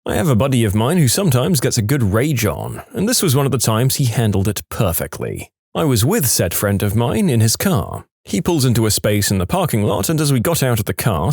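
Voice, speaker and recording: A man reading stories aloud with a dry, deadpan delivery. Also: medium pitch, husky, dry recording. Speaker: story narrator.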